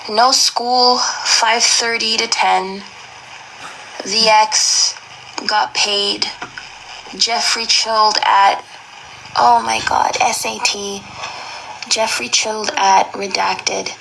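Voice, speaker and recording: Young woman reacting while reading stuff out, emotional and exclaimy, slow and kinda gravelly, faint hiss behind. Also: medium pitch, steady tone, bright, forceful tone, rough recording.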